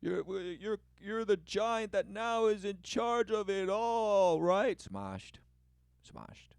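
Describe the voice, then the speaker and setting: A man rambles through loose, looping commentary, repeating himself and stacking phrase upon phrase. His voice sits a bit high for a man and sounds dry and close, with no room around it. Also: lively intonation, takes it slowly, clear, resonant tone, dry recording. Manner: repetitive, free-associating, says "relentlessly" a lot; mimics others in a raised voice when quoting them.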